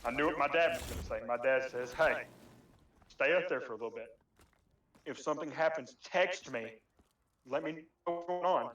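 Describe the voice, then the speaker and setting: A young man telling a rambling story among friends in a casual chat, animated and swearing, often laughing. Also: medium pitch, moderate pace, pauses often. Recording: echoey room, distant mic.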